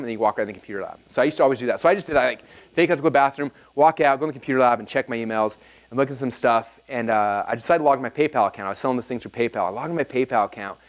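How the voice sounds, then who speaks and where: An energetic man tells a story to a live seminar audience at a brisk, rapid clip. His talk is casual and loose, with lots of "like" fillers between his points. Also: mid-range voice. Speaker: seminar presenter.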